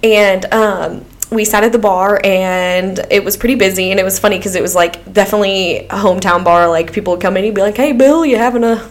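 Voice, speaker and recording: A woman co-hosting a casual podcast chat, telling stories in an animated way, acting out quotes and laughing often. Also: mid-range voice, brisk, hardly any pauses. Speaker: podcast co-host.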